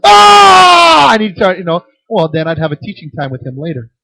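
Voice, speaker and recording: A middle-aged man leads a teaching session for children's ministry workers, telling stories with lively acted-out voices. His voice is a little husky and sits slightly high. The recording is dry and a bit dull. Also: fast talker, no echo. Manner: animated storytelling with acted-out voices.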